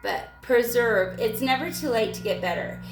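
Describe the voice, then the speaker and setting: A woman vlogger in a rambling, emotional spiritual monologue, irritated and halting, with a gravelly voice. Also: on the high side, far from the mic, faint music behind. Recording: echoey room with faint ambience.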